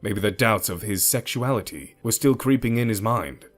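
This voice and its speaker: A man narrating a first-person romance story in an expressive storytelling manner. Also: fairly low pitch, normal speed. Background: faint music.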